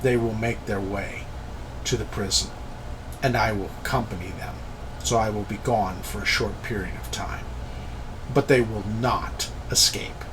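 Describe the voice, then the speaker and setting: A man doing a soft-spoken, menacing spellcaster. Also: lowish voice, fairly even intonation, noisy background, voice pushed down, lightly acted. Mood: assured. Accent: slight African. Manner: quiet, measured and threatening. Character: calm, menacing male spellcaster in a turban.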